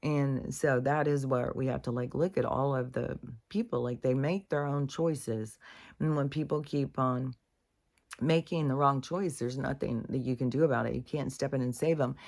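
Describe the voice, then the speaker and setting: A woman's voice: extremely low pitch, steady tone, normal speed, a little mellow. A woman in a casual spiritual monologue, speaking candidly, swearing freely and restarting her sentences.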